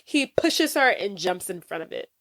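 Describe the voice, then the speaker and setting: A young adult woman co-hosting a podcast, casually retelling a movie plot with animated storytelling and comic repetition. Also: mid-range voice, moderate pace, no room sound. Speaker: podcast co-host.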